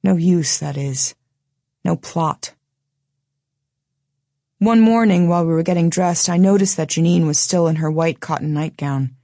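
A woman narrating an audiobook in the first person, measured and low-key, with a wry edge. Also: warm tone, dry recording, studio quality.

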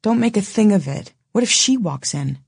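A woman's voice: mid-range voice, lively intonation, moderate pace, creaky, darkish tone, slightly rough, no echo, studio quality, pitched above the performer's own voice. A woman voicing a tough, defiant young woman who speaks in a hard, intent, commanding way.

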